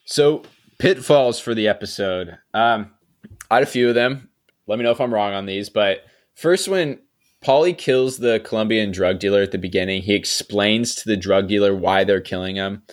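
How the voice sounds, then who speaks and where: A young man with a lowish voice hosts a podcast, recapping a TV episode. He talks in a relaxed, chatty way, laughing often and letting sentences trail off into quiet. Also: moderate pace. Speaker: podcast host. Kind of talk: casual chat recapping a TV episode.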